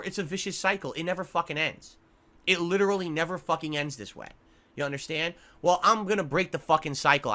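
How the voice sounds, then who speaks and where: A man streaming live, ranting angrily with heavy swearing and lots of repetition, going from loud outbursts to low muttering. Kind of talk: angry livestream rant.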